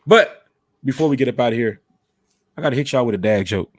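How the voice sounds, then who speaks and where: A man's voice: mid-range voice, expressive, quick pace, no echo, clean studio sound. A man hosting a casual sports podcast, boisterous and profane, telling dad jokes to his co-hosts. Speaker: podcast host.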